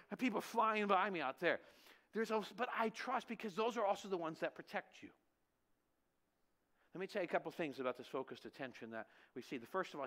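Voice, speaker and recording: Male pastor, middle-aged, lively storytelling sermon, high pitch. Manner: animated storytelling, rhetorical questions. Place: church.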